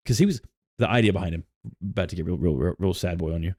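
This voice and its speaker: A man's voice: sits low, quick pace, a little mellow, no room sound, clean studio sound. A man co-hosting a podcast, recounting his tabletop campaign in rambling casual chat full of fillers and restarts. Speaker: podcast co-host and game master.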